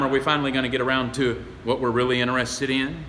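Folksy, emphatic pastor preaching in a hall. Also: male voice, mid-range voice, steady tone, fairly quick, a little hiss or hum. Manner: folksy, emphatic preaching that builds to loud exclamations. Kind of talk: sermon. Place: church sanctuary. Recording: echoey, reverberant hall.

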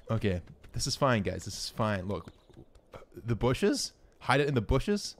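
A man streaming a game live, giving excitable, profane running commentary and talking to his chat. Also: mid-range voice, a little hiss or hum.

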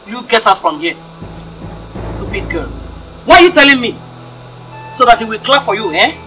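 A woman's voice: mid-range voice, lively intonation, normal speed, distant mic, soft background music, rough recording. A woman playing a harsh, scornful mother who berates her daughter in a film drama. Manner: shouting, berating.

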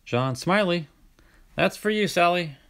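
Host voice: chatty man, a bit high, reads card names aloud, gets excited at big pulls. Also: a little slow, creaky, clean tone. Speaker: card-collecting channel host. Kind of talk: casual card-opening commentary.

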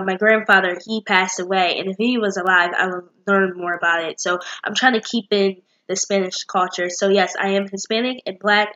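A bubbly young woman talks casually to her camera, rambling warmly with plenty of fillers. Her voice sits at an ordinary middle pitch, and the home recording sounds a little dull and lo-fi. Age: young adult. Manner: chatty, bubbly, many fillers. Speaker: vlogger.

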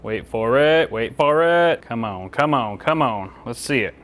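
A man, a tech video host, chatting casually to himself while he works, joking, sometimes loud and excited and sometimes muttering low. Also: measured pace. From United States. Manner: chatty, self-talking, jokey, swings between loud excitement and muttering. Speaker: tech YouTuber. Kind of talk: casual vlog narration while working. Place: small studio office.

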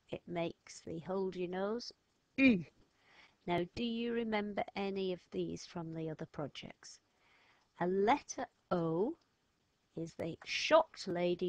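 Woman teacher, slow and patient, lowish voice, dry close recording, careful sounding-out for young learners. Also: darkish tone, no echo. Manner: patient, clearly sounding out letters and words. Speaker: French teacher. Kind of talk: slow step-by-step lesson narration.

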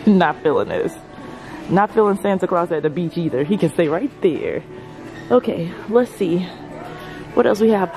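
Brief: excitable woman shopping vlogger, handheld phone, faint store music behind. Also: mid-range voice, measured pace. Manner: gushing, excitable, addresses viewers as y'all. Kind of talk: shopping vlog narration. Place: large store indoors.

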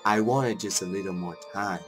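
A man voicing a cold, calculating doctor father in a horror game, with a calm, theatrical formal delivery. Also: low voice, normal speed, soft background music. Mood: sinister.

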